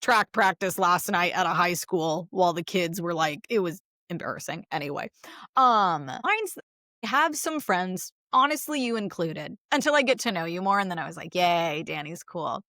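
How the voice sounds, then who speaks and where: A woman therapist co-hosting a podcast in casual chat, telling stories in an animated, expressive way and acting out quotes. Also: lowish voice, moderate pace, no room sound, studio quality. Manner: animated, expressive storyteller who acts out quotes.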